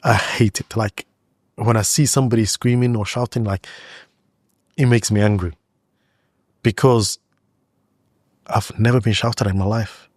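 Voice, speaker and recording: A man with a fairly low voice tells a personal story in a relaxed interview chat. He talks loosely, leaning on "like" and "you know" as he goes. The sound is close and dry, with no room echo. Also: a little slow, long pauses. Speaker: guest. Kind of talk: casual storytelling in a podcast interview.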